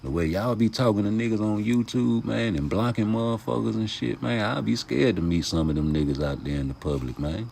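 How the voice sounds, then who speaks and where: A man hosting a casual boxing vlog, talking passionately in heavy street slang and profanity, jumping from loud outbursts to mumbled asides. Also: on the low side, fairly quick, gravelly, few pauses, slight background noise. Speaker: YouTube boxing commentator.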